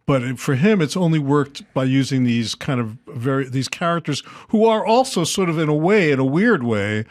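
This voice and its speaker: A man's voice: mid-range voice, expressive, moderate pace, dry recording. An older man, a writer and director, talking as a guest in thoughtful, searching, reflective interview chat. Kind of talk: casual interview talk.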